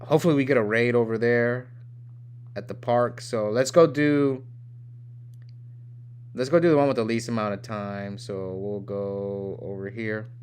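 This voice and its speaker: A man's voice: on the low side, fairly even intonation, measured pace, long pauses, a little mellow, a little hiss or hum. A young man from the United States hosting a live game stream, chatting casually and reading viewer comments aloud in a rambling way. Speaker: livestream host.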